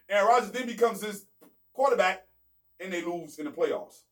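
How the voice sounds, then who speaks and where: A man with a high voice rants about football, getting louder and more emphatic as he builds his case. He sits a bit back from the mic, so his voice sounds slightly distant. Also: expressive, moderate pace. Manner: emphatic, rising to near shouts, repeats "you know what I'm saying". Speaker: sports show host. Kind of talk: heated sports debate.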